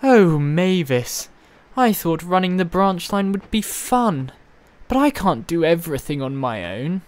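Fussy prim lady railcar, high and huffy, swooping lively pitch, put on by the reader. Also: measured pace. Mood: plaintive.

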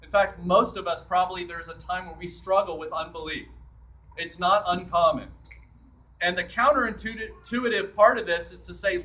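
A man's voice: high voice, normal speed, pushed and bright, far from the mic, low-quality recording. A man preaching a sermon as a priest in a church, in a conversational way that acts out the scripture quotes.

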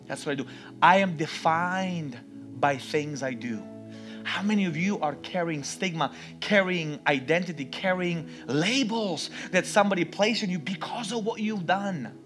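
A man preaching a sermon in a church, acting out the story with sudden shouts and hushed passages. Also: a little high, normal speed, over music. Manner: dramatic, acts out voices, swings between loud and hushed. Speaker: pastor. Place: church with live music underneath.

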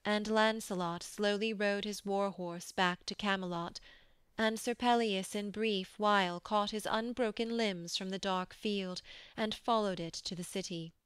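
A woman reads a verse poem for an audiobook with measured, solemn storytelling. Her voice is smooth and resonant, her pace slow, and the recording is dry and close. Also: mid-range voice, fairly bright tone, dry recording. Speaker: audiobook narrator. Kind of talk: scripted narration of a verse poem.

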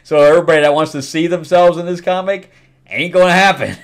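A middle-aged man hosting a casual comic book review, recapping the plot loosely with fillers and acting out quotes. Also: a little high. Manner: rambling recap with fillers and quick acted quotes.

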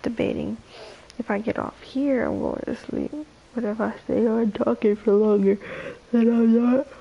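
A young woman chatting casually on a late-night livestream, drowsy and slow, her voice low and gravelly tonight. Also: steady tone, highs cut off.

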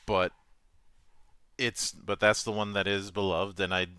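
A man's voice: low-pitched, level tone, measured pace, sharp tone, clean tone, dry recording. A man hosting a casual interview, often stumbling and restarting his words. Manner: stammering restarts, repeats words. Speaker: host.

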